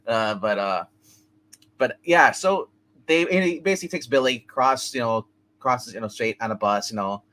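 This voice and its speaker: A man's voice: medium pitch, moderate pace, a bit bright. A man hosting a movie review podcast, rambling through a plot recap with lots of fillers and laughs. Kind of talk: casual chat.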